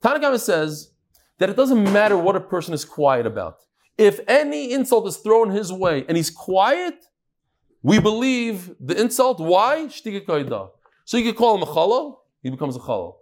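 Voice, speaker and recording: Animated man teaching Talmud. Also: high voice, normal speed. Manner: animated, acts out quotes, swings between loud and soft. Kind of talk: classroom Gemara lesson.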